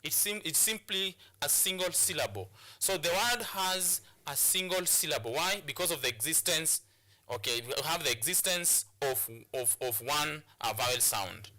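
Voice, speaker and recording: Bright-voiced Kenyan male English teacher. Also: a little high, animated, moderate pace. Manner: repetitive explanations, frequent restarts and rhetorical questions. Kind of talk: classroom lesson on stress and syllables.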